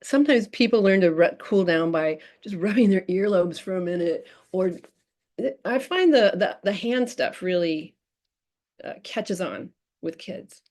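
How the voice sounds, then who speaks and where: A woman's voice: mid-range voice, expressive, measured pace, darkish tone. A woman presenting a parenting workshop in an informal, chatty way, with many fillers and restarts.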